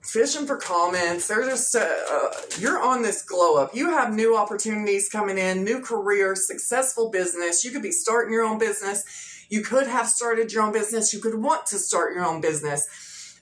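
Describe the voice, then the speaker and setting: A woman's voice: on the high side, a bit bright. Woman doing a loose chatty tarot reading, lotta fillers, roomy echo and a bit of hiss. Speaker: tarot reader. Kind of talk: casual tarot reading for viewers. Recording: echoey room with faint noise.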